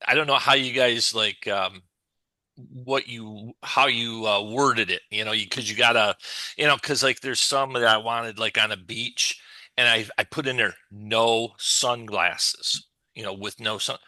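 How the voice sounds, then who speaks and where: A man on a group video call who talks haltingly, with lots of fillers and restarts. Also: medium pitch, steady tone, sharp tone, dry recording. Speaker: workshop participant.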